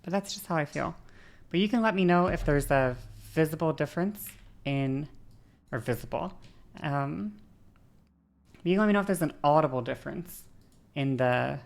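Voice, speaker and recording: A woman streamer chatting casually, shifting her voice between a lower and a lighter register, with vocal fry. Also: normal speed, pauses often. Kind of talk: casual chat while gaming.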